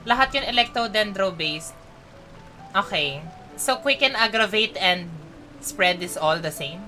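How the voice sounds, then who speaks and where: A woman's voice: mid-range voice, expressive, a little slow, pushed and bright, faint music behind. A woman with a Filipino accent chatting casually on a live game stream, talkative and emotional, switching between English and Tagalog.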